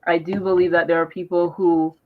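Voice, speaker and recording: A woman's voice: on the low side, flat delivery, brisk. A Canadian-born woman on a live discussion panel, talking emphatically with lots of fillers and cutting in over others. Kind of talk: casual group discussion. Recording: dull lo-fi live stream audio.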